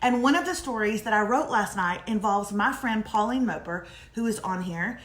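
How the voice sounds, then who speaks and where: A woman in her forties, co-hosting a live morning show and telling stories in a chatty, animated way. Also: medium pitch, moderate pace. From Texas. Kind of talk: casual live chat. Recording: echoey room.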